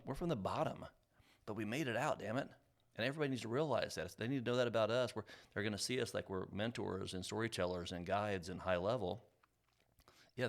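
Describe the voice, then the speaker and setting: A man's voice: on the low side, creaky. A middle-aged man co-hosting a podcast, talking in an emphatic, motivational way that builds to fervent bursts. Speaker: podcast co-host. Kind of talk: casual conversation.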